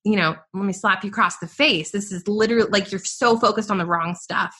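A woman's voice: mid-range voice, fairly quick, a bit bright, husky. A woman who hosts a podcast and coaches, speaking with emphatic, faith-filled enthusiasm. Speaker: podcast host and business coach. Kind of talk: coaching conversation.

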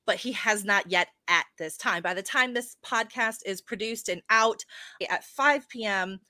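A woman's voice: medium pitch, a little slow, sharp tone, no room sound, studio quality. A woman co-hosting a podcast in casual chat, upbeat and wry. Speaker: podcast co-host.

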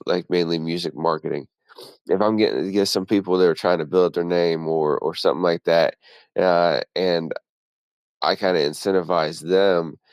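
Deep-voiced laid-back man, cursing freely. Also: clear, resonant tone, no echo. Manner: laid-back, swears a lot, rambling. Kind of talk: casual chat.

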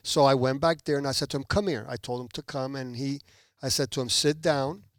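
A man from Puerto Rico appears as a podcast guest, telling a testimony story with animation and acting out the people he quotes. He talks quickly at a medium pitch, and the recording is dry with clean studio sound.

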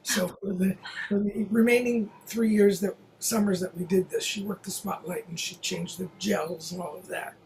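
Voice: mid-range voice, fairly even intonation, normal speed, hardly any pauses, a little mellow, a little hiss or hum, poor audio. An older theater producer telling a long backstage anecdote, chatty, full of fillers and restarts, and acting out what others said. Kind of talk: anecdotal storytelling.

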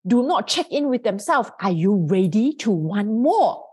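A woman's voice: fairly high pitch, dark tone, breathy edge. A woman hosting a podcast, giving an earnest, emphatic motivational talk that coaches her listeners. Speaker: podcast host.

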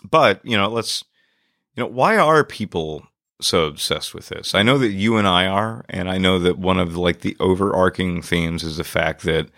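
Deep-voiced man, bright and swearing. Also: dry recording, clean studio sound. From Ireland. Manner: swearing, laughing, loose. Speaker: podcast co-host. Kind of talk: casual chat.

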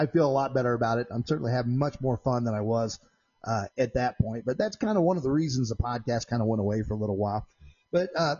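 A man hosting a casual podcast from his home shop, telling long rambling stories that get animated when he replays an argument. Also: medium pitch, breathy edge, muffled recording. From Central Indiana. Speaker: podcast host. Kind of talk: casual storytelling chat. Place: home shop with doors open.

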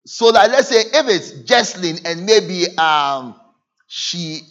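A man's voice: high voice, slow pace. A man preaching a sermon as pastor, acting out the voices of people in his stories. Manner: lively preaching with dramatic acted quotes. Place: church. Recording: dull lo-fi church recording.

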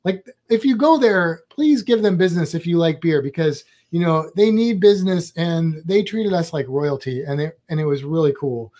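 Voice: mid-range voice, animated, normal speed, few pauses, warm tone. Vlog co-host: a rambling, chatty speaker with a medium voice and loose, playful asides. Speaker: travel vlogger. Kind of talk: casual chat.

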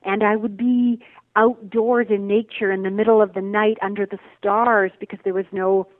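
A woman guest, a meditation teacher, speaking in a thoughtful, searching way with many pauses. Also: mid-range voice, little pitch movement, no echo. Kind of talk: reflective spiritual interview talk. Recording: phone-like remote call audio.

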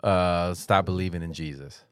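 A man in casual podcast chat who talks in a playful, lively way and laughs often. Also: sits low, moderate pace, crowd noise.

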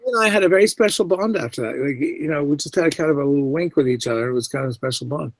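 Animated, slightly high-voiced man telling stories. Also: fast talker, no room sound. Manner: animated storyteller who acts out quoted voices. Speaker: guest actor. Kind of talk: anecdotal storytelling in an interview.

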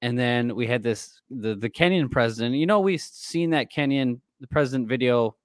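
A male podcast co-host in a casual chat, telling animated stories and laughing along. His voice is recorded dry and close, with no room echo. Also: mid-range voice, moderate pace.

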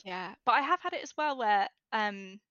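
A woman chatting as a podcast guest, telling lively stories and acting out what people said. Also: medium pitch, normal speed, dry recording, highs cut off. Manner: lively storyteller who acts out quotes. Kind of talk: casual chat.

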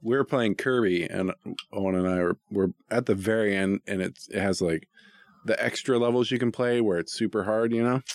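A man co-hosting a podcast, telling relaxed anecdotes in casual chat. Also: on the low side, brisk, dry recording. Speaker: podcast co-host.

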